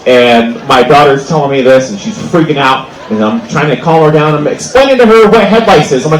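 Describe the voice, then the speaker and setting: Rambling stand-up comic with echoing PA. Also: male voice, on the high side, fairly quick, hardly any pauses. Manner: rambling, full of "like" and restarts. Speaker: stand-up comedian. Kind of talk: stand-up comedy set. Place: outdoor plaza stage.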